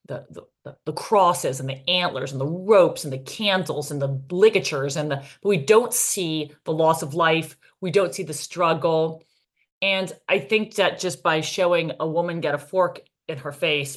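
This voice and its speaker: A woman author answering interview questions candidly, in a rambling way with many fillers. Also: low voice.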